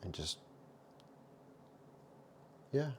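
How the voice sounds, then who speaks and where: A man vlogging in a rambling monologue, muttering asides and swinging between loud remarks and hushed ones. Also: extremely slow, slight background noise.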